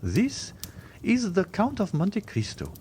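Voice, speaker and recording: A man voicing an effusive middle-aged society baroness in an audiobook, raising his pitch. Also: wildly swooping pitch, slow pace, mellow, a little hiss or hum, heavily acted.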